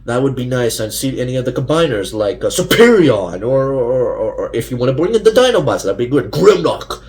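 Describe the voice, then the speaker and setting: A man's voice: mid-range voice, very animated, a little fast, darkish tone. A young man ranting casually to camera as a fan vlogger, rambling with many fillers and restarts.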